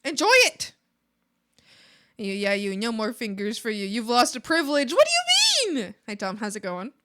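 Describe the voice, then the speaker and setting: A woman's voice: medium pitch, moderate pace, sharp tone, clean tone. A woman streamer chatting casually while drawing, reading chat and often laughing and joking. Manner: bubbly, laughs a lot, swears playfully. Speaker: art streamer.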